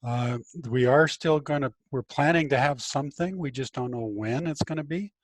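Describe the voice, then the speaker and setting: A middle-aged man teaching a high school physics class online from home, relaxed and chatty with frequent fillers. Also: normal speed, no echo. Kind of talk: casual online class lecture.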